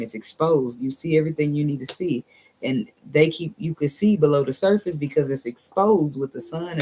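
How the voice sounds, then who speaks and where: Her voice is deep and warm, with slight background noise behind it, as she gives a laid-back tarot reading. She talks bluntly and sassily, swears, laughs often, and drags out certain phrases slowly to emphasize them.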